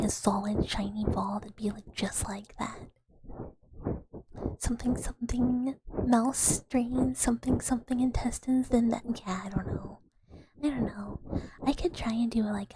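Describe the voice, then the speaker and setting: A woman streamer chatting in a soft ASMR whisper, rambling and giggling with many fillers. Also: medium pitch, background noise.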